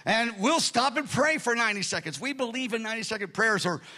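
Bright, high-pitched older man preaching. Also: lively intonation, quick pace. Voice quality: voice prone to strain. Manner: earnest, conversational preaching with sudden rises in pitch. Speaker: pastor. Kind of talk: sermon.

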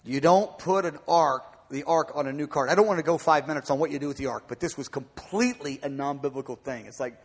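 High-voiced guy preaching, emphatic, loud then quiet, big echoey church hall. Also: fast talker, few pauses, slightly rough. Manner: emphatic, swings from loud bursts to quiet asides. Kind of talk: sermon. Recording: long hall reverb.

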